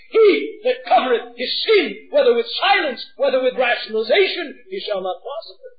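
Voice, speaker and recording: A middle-aged man preaching a sermon, swinging from hushed pleading to shouting. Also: very high-pitched, animated, moderate pace, few pauses, slightly rough, dull audio.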